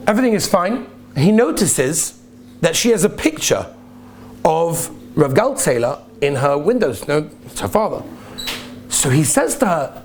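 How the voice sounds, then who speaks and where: A man, a rabbi, speaking in a somewhat high voice as he tells a moral tale to his listeners. He speaks earnestly and with emphasis, often repeating his words. A faint hum sits under the recording. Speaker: rabbi giving a talk. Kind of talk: sermon with storytelling.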